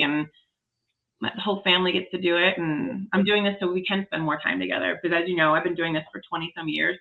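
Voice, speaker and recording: A woman's voice: fairly low pitch, gravelly, narrow, tinny audio. A woman in her forties, a podcast guest, telling a story in casual, enthusiastic chat.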